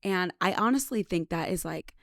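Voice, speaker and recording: A woman from British Columbia hosting her show, telling a story in a chatty, animated way. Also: fairly low pitch, moderate pace, creaky, a little hiss or hum. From British Columbia, Canada. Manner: chatty and animated, acts out quotes. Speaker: podcast host. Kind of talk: casual storytelling monologue.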